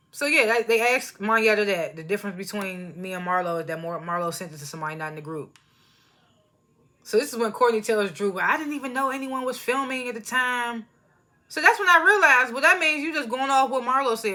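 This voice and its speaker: A woman's voice: medium pitch, bright, forceful tone. Chill woman rambling thru a tv recap, slangy, keeps laughing at herself. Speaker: TV show reviewer. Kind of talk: casual chatty recap commentary.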